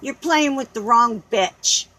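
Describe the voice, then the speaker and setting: High-voiced woman ranting slowly. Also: sharp tone, poor audio. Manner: combative, profane, sarcastic. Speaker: vlogger. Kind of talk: angry vlog rant reading out comments.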